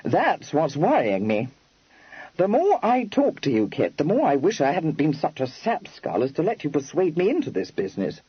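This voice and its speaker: A blunt, slangy young gentleman, as the narrator plays him grumbles in clipped bursts, his voice lively and a little husky. The recording sounds dry and slightly muffled. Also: on the high side, normal speed, no echo, pitched above the performer's own voice, exaggerated voice. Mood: worried.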